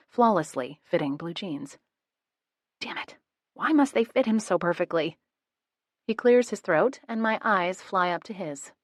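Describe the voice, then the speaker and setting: A woman's voice: fairly low pitch, no room sound, studio quality. Woman narrating a wry romance audiobook. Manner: expressive, wry first-person storytelling.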